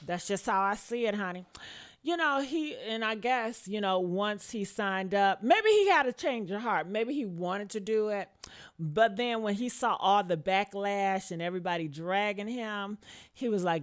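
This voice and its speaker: A woman's voice: mid-range voice, expressive, normal speed. A woman hosting a casual gossip commentary show, blunt and sassy, calling her listeners honey and swearing freely as she reads comments. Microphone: camera mic with headphones on.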